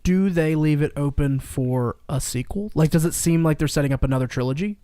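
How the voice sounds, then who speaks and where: A man's voice: a little high, fairly quick, dark tone, smooth, no room sound, studio quality. A young man co-hosting a casual podcast, chiming in with short reactions and questions. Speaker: podcast co-host.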